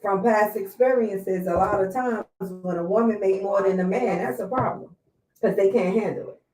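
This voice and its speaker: A woman's voice: medium pitch, moderate pace, darkish tone, soft background music. A woman from New York, a hairstylist guest on a talk show, giving blunt, firm opinions in casual chat. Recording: roomy sound, mic far off.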